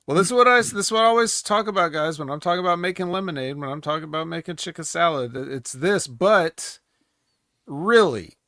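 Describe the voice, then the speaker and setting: A man with a fairly high voice rants in a sarcastic, cutting way. He sounds like a podcast co-host in casual talk. The recording is dry, with no room sound. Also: expressive, a little fast, bright, forceful tone, no echo. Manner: sarcastic, ranting. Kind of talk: casual chat.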